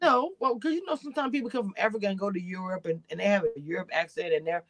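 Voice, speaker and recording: A woman from Louisiana co-hosting a casual live recap chat, talking in an animated, emphatic way. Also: mid-range voice, very fast, crowd noise. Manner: animated, emphatic, talks over others. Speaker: co-host.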